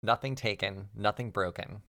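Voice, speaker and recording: Calm male game master, lowish voice. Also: moderate pace, creaky, dry recording, studio quality. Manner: calm, guiding, asks players what they do. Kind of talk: narrating a tabletop game.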